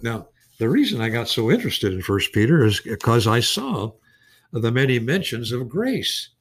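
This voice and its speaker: A man's voice: medium pitch, big pitch swings, moderate pace. A man teaching the Bible in a casual conversation, folksy and emphatic, often restarting his sentences.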